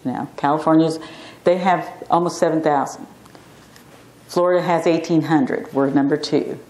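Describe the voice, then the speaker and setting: A middle-aged woman, an acupuncture physician, giving an informal class lecture and acting out stories with lively quoted voices. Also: deep voice, normal speed. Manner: chatty storyteller, acts out quotes animatedly. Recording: echoey classroom.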